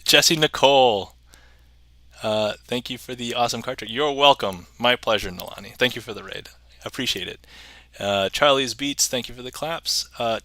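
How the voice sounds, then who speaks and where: A man's voice: medium pitch, bright, forceful tone, no echo. A man hosting a casual livestream magic show, chatting, reading viewer messages aloud and chuckling often.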